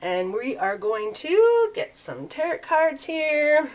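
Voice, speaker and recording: A woman's voice: high voice, big pitch swings, takes it slowly. A woman giving a casual, rambling spiritual talk as a tarot reader, often checking in with her listeners by asking "right?". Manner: chatty, loose and rambling, with frequent tag questions.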